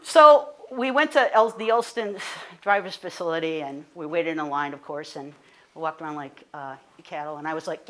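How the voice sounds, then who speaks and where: A woman, a guest speaker telling a personal story in an animated, conversational way, full of fillers and self-corrections. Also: low voice, a little fast. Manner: animated, rising to indignant.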